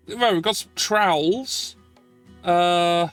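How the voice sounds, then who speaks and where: A man's voice: sits high, drawn-out words, pauses often, fairly bright tone, soft background music. A man streaming a game, giving chatty, rambling, self-deprecating commentary as he plays. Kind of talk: casual gameplay commentary.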